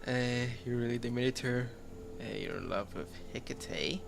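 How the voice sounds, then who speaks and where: A man's voice: medium pitch, measured pace, gravelly, background noise. A man streaming a game and joking in casual, slangy live commentary. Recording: game music playing behind.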